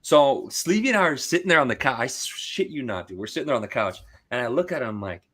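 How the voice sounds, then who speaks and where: A man on a podcast telling casual, animated stories about card breaking, full of "dude" and "like.". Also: mid-range voice, fast talker, slightly rough. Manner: animated, acts out quoted voices, says dude and like a lot. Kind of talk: casual storytelling chat.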